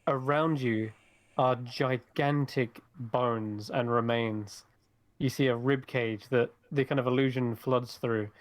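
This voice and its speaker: A man narrating as game master in an online tabletop game, pausing often with fillers as he describes scenes. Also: medium pitch, fairly even intonation. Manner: hesitant narration with many fillers.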